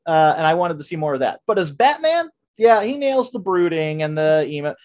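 A man's voice: on the high side, moderate pace. Chatty man rambling through a movie review. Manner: rambling, frequent fillers and restarts, animated rants. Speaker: podcast host. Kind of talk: casual movie review chat.

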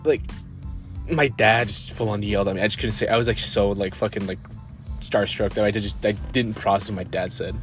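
A man's voice: lowish voice, steady tone, fairly quick, faint music behind. A teenage guy co-hosting a casual podcast, rambling through stories with lots of filler words. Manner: rambling, filler-heavy, laughs often. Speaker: podcast co-host. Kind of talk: casual chat.

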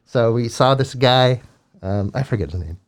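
Man, mid-pitch, earnest animated storyteller, casual chat. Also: moderate pace. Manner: earnest, animated retelling with acted quotes. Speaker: guest telling a ministry story.

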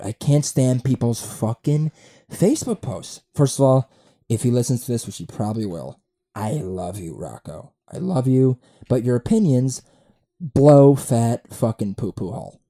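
Male, 20s, comedy podcast host; deep mellow tone, animated delivery, profane rambling rants. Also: measured pace. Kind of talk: solo comedy podcast rant. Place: room at home.

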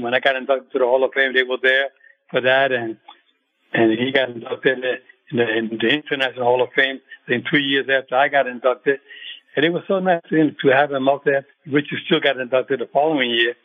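An older man, a retired boxing referee, speaking as a radio show guest and recalling things in a halting way with many fillers and restarts. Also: medium pitch. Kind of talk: phone-in radio interview. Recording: tinny phone line.

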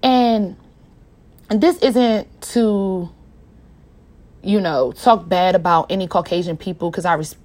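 A woman hosting a podcast, talking in an impassioned, casual monologue that swings between a low, quiet voice and a raised one, addressing her listeners as y'all. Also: slow, pauses often. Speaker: podcast host.

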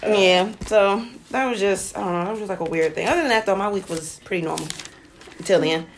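A young woman spins a story in loose, profane, animated chat, her voice rising and falling as she acts out what people said. Her pitch sits in the middle of the range. A faint noise hums under the recording. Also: a little fast. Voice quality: profane, animated retelling with acted quotes and laughter. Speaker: night-shift hotel front desk worker.

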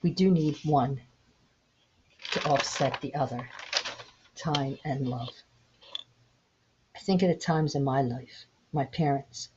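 A woman in her sixties hosting her own podcast, gently telling a parable in an unhurried, reflective way. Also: extremely low pitch, noisy background. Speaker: podcast host. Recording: dull lo-fi home recording.

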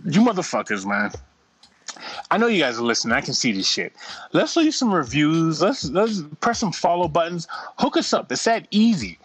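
Loud, laughing, profane podcast co-host man. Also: fairly high pitch, very animated, moderate pace, slightly rough. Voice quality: profane, laughing, rambling banter. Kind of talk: casual podcast chat reading listener emails.

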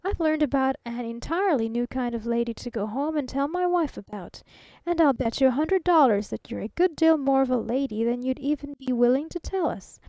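A woman's voice: sits high, lively intonation, fairly quick, warm tone, dry recording. A woman doing a folksy fat traveling salesman. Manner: folksy, earnest, talkative. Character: chatty fat middle-aged male traveling salesman.

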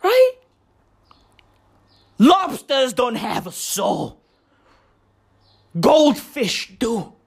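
A woman comedian doing a profane stand-up rant with exaggerated outbursts and shouting. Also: a little high, sing-song, slow.

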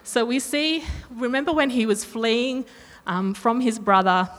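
A woman's voice: on the high side, animated, unhurried. A woman preaching a sermon in a chatty way, correcting herself and asking the room questions. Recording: long reverb of a hall.

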